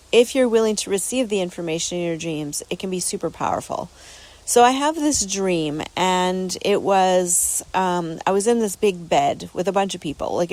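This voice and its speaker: A woman's voice: fairly low pitch, rough recording. A woman hosting a podcast, telling a personal story casually in an earnest, rambling way, with many repeated words and restarts. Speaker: podcast host.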